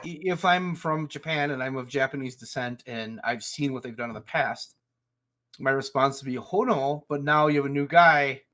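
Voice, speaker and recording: A man's voice: mid-range voice, normal speed, bright, forceful tone. A man co-hosting a wrestling podcast in casual chat, joking, swearing often and laughing. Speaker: podcast co-host.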